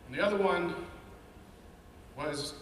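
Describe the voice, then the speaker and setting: Man, fairly high voice, candid testimony, heard from a distance in a big reverberant hall. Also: slow pace, slight background noise. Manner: candid, earnest storytelling with quoted inner voices. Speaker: speaker sharing his story. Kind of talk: personal testimony talk. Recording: echoey hall, mic at a distance.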